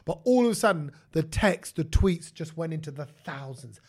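Man, high voice, casual podcast host, animated storytelling, quick restarts. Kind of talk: casual chat.

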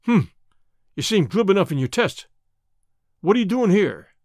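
A man's voice: sits high, sing-song, normal speed, darkish tone, no room sound, studio quality, voice pushed up. A man reading an audiobook, voicing a domineering, menacing middle-aged gang boss who interrogates and blusters. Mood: probing.

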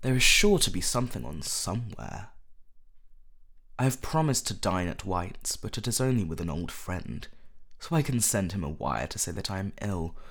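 A man voicing a languid, witty aristocratic gentleman with a drawling, epigrammatic manner. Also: low voice, gravelly, heavily acted.

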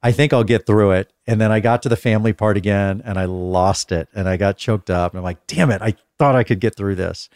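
A man hosting a casual conversational interview, telling stories in a calm, even-keeled way. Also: lowish voice, fairly quick, hardly any pauses, dry recording, studio quality. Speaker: podcast host interviewing guests.

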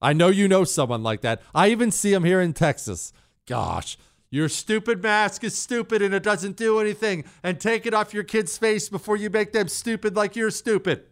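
A man's voice: high voice, normal speed, clean tone. A man in his forties hosting a solo talk radio show, ranting sarcastically and mocking with bursts of laughter.

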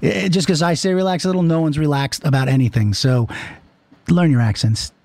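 A man co-hosting a podcast in casual chat, animated and quick to jump in. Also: a little high, gravelly, dry recording. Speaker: podcast co-host.

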